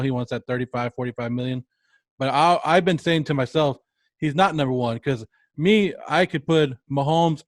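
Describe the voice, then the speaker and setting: A man hosting a casual sports talk show, chatty and teasing, tossing quick questions at his guest. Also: fairly high pitch, no echo.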